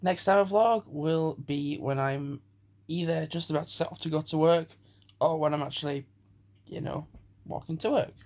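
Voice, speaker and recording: Out on a walk, a man records a chatty, rambling vlog on a handheld phone, breathless and sighing often. His voice is a little high with a steady, darkish tone and a moderate pace.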